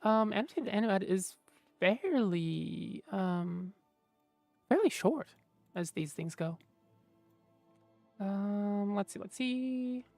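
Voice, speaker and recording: A woman's voice: medium pitch, slow, creaky, long pauses, darkish tone, no echo, faint music behind. A woman streamer chatting casually with viewers, rambling and mumbling to herself with lots of fillers.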